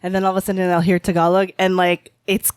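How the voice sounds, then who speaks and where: A woman's voice: on the low side, little pitch movement, quick pace, darkish tone, clean tone, no room sound, studio quality. A woman hosting a podcast, chatting with guests and laughing along. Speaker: podcast host. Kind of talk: casual podcast chat.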